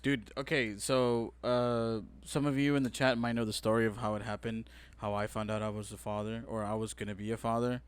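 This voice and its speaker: A man's voice: on the low side, brisk, few pauses, smooth. A young man co-hosting a casual podcast chat, telling stories animatedly and acting out quotes. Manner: animated storyteller, acts out quotes loudly. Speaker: podcast co-host.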